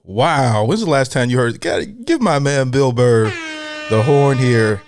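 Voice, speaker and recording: A man's voice: mid-range voice, lively intonation, unhurried, over music. A man hosting a reaction video, chatting casually and hyping up the clip he is watching. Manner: hyped, chatty. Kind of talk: casual commentary.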